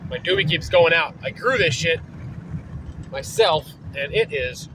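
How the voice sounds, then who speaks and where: A man with a slightly high, animated voice talks at a measured pace over background noise. He's casually vlogging from a moving vehicle on an early morning drive, loose and profane, rambling and trailing off with fillers.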